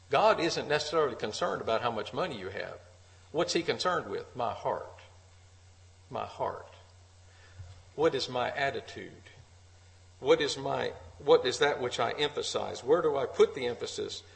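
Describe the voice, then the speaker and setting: A man's voice: medium pitch, gravelly, low-quality recording. A man preaching an earnest sermon at a church meeting, repeating key phrases for emphasis.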